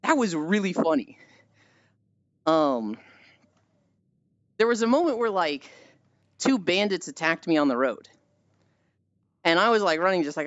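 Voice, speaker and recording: Brief: low-ish woman streamer, very expressive delivery, dry slightly dull mic. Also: measured pace, pauses often, no echo. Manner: animated storytelling, swears often. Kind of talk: casual chat with viewers.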